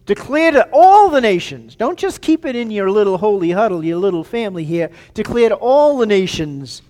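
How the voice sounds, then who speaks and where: A man preaching a sermon as pastor, animated and calling out to his congregation, often repeating himself as he goes. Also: sits high, normal speed. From United States. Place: church sanctuary.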